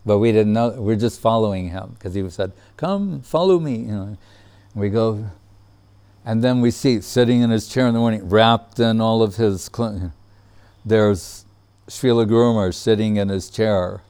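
A man telling a personal memory in casual storytelling, relaxed, laughing often and acting out what others said. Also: fairly low pitch, moderate pace, clean tone.

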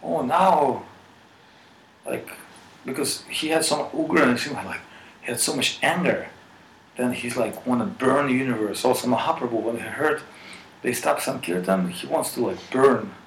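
A man's voice: mid-range voice, lively intonation, normal speed, fairly bright tone, recorded from a distance. A man giving a devotional talk, animatedly retelling a scripture story with many fillers. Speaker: spiritual speaker. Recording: roomy with faint noise.

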